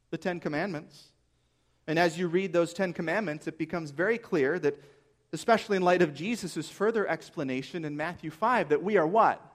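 A man preaching a sermon as pastor, earnest and emphatic, posing rhetorical questions to his listeners. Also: a little high.

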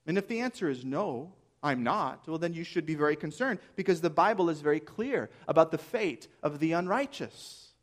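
A man's voice: a little high, lively intonation, a little fast, few pauses. A man preaching a sermon as pastor, earnest and emphatic, posing rhetorical questions to his listeners.

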